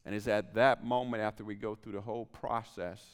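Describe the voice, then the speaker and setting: A man's voice: on the low side, fairly even intonation, brisk, clear, resonant tone. A man preaching a sermon as pastor, telling a personal story and dropping to whispered asides. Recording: long hall reverb.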